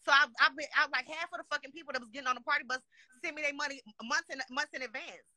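Furious fast-talking woman. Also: high voice, steady tone, pushed and bright, no room sound. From Dallas, Texas. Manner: profane, heated, repeats "you know what I'm saying". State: upset. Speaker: guest complaining on a live show. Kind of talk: angry rant.

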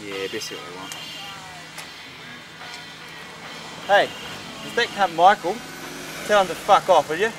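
An actor doing a brash young New Zealander with a strong Kiwi accent, swaggering and swearing through every sentence. His voice sits a touch high for a man, with music playing behind. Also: big pitch swings, fairly quick, rough recording. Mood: scornful. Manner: crude, swaggering, swears constantly. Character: brash foul-mouthed young Kiwi car washer. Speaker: car yard worker. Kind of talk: naturalistic indie film acting.

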